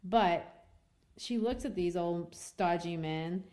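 A woman's voice: lowish voice, slow pace, a little mellow. A woman teacher walks her class through a story. She talks in a loose, chatty way, full of fillers and asides. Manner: casual, chatty retelling with many fillers. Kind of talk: classroom literature lesson.

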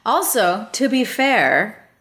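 A woman's voice: a little high, sing-song, slow, fairly bright tone. An American woman co-hosting a podcast, chatting casually and laughing easily. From United States. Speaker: podcast co-host. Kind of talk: casual chat.

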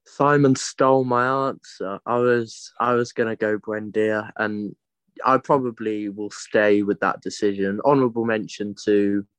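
A man co-hosting a football podcast, speaking in a measured, even way. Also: fairly low pitch, smooth, no echo. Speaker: podcast co-host. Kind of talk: casual football podcast chat.

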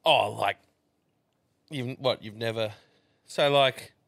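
An Australian man co-hosting a podcast, joking in excitable, sweary banter. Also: mid-range voice, slow pace, gravelly, dry recording, studio quality. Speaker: podcast co-host. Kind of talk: casual chat.

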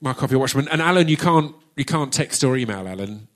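Man with an Essex accent, casual stage chat, jokey and loose, drops the odd swear, keeps restarting sentences, mid-pitched voice, live audience Q&A. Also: animated, fast, a bit bright. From Essex, England. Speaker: performer hosting an audience Q&A. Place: theatre stage at a live book launch.

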